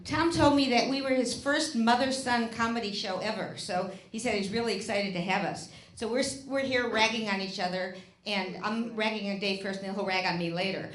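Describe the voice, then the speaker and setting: A woman's voice: fairly high pitch, fairly bright tone. An older woman doing a stand-up routine on a small theater stage, telling a rambling self-deprecating story with stammered restarts. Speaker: stand-up comedian. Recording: echoey theater room, faint noise.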